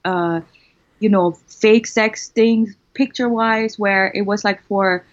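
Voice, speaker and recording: A woman's voice: medium pitch, fairly even intonation, slow pace. A woman answering interview questions casually, hesitant and full of fillers. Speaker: podcast guest. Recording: dull lo-fi recording.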